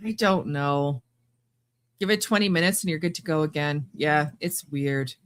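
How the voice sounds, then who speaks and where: A woman's voice: low-pitched, moderate pace. A woman co-hosting a podcast, teasing and laughing through casual banter. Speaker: podcast co-host.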